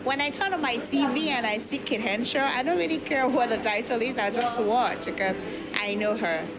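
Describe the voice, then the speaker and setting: A woman's voice: on the high side, normal speed, over loud music, low-quality recording. A woman chatting enthusiastically as a fan in a street interview.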